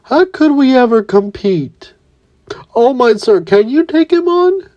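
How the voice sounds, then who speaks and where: A man voicing a small excitable teenage boy student who whines in a panic. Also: very high-pitched, measured pace, no room sound, muffled recording, voice pushed up, exaggerated voice. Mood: panicked.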